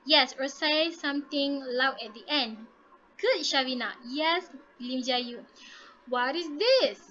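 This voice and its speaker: A woman's voice: high voice, a little slow, pushed and bright, muffled recording. A woman teaching English to a class over a video call, encouraging her students and modelling intonation aloud.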